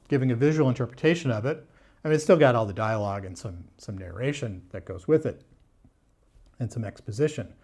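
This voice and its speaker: A man's voice: mid-range voice, dark tone. Blunt, chatty man reviewing books. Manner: candid and blunt, frequent fillers and restarts, wry laughs. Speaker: book vlogger. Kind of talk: casual book review talk.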